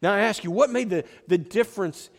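Man preaching, earnest storytelling, fairly high voice, reverberant church hall. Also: brisk. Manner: earnest, storytelling, frequent restarts. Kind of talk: sermon with movie retelling.

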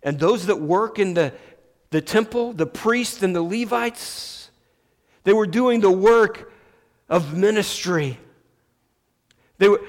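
A man preaching a sermon as pastor, slow and emphatic, restarting his phrases often. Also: high-pitched. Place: church sanctuary. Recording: long church reverb.

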